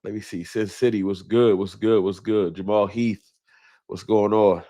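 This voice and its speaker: A man's voice: on the low side, steady tone, moderate pace, dark tone. A man hosting a live stream in a casual, laughing way, greeting viewers by name while his nose is stuffed up from a cold. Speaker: livestream host.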